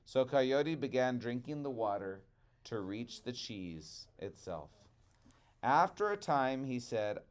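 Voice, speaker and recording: A male teacher reads a children's storybook aloud, expressive and chatty, breaking off to talk with his class. His voice is smooth and clear. He keeps an unhurried, steady pace. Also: medium pitch.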